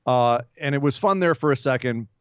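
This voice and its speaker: A podcast co-host chats casually and animatedly in a wrestling recap, laughing and acting out the moves. His medium-pitched voice is brisk with a clean tone and no room sound, though the lo-fi audio is slightly dull.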